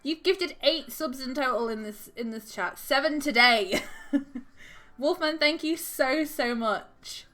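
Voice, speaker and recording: Giggly, high, bright-voiced woman streamer. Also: slow pace, soft background music. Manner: giggly and effusive, laughing often; overwhelmed, gushing thanks. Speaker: livestream host. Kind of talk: live stream chat with viewers.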